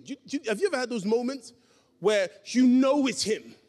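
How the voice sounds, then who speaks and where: A preacher with a high voice for a man delivers a sermon in a church hall. He tells his story with emphasis, acting out each voice in the dialogue. A long reverb trails every phrase. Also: lively intonation, moderate pace, a little mellow.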